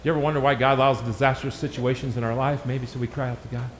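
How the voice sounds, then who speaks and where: A man preaching a sermon in a church, swinging from shouted climaxes to hushed, quick asides. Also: medium pitch, flat delivery, in a large hall, a little hiss or hum. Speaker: pastor.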